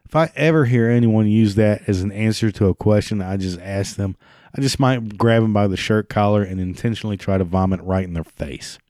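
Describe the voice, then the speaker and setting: A man's voice: on the low side, brisk, a little mellow, no room sound, clean studio sound. A man ranting in a sarcastic, mocking, profane monologue. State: prone to coughing fits.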